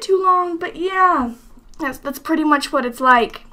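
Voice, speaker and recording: A woman's voice: high voice, moderate pace, bright, forceful tone. A woman voice actor talking about her role in a casual, rambling interview monologue, full of fillers. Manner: rambling, chatty, lots of fillers.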